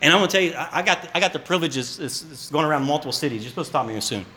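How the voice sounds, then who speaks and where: A man preaching a sermon to his congregation, animated, with joking asides and repeated words. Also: a little high, rapid-fire, slight background noise. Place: church hall. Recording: echoey church hall.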